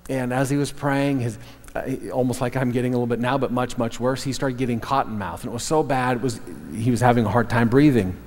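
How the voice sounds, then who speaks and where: A man's voice: medium pitch, fairly even intonation, fast talker, darkish tone. A man, a pastor preaching a sermon, telling a story earnestly with frequent restarts. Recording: long reverb of a hall.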